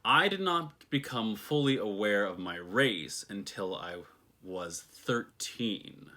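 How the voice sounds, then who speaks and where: A man with a low voice and a bright, forward tone recounts his own past. His delivery is reflective and unhurried, and now and then he slips in a dry, wry aside. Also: expressive. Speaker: personal storyteller. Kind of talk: reflective personal storytelling monologue.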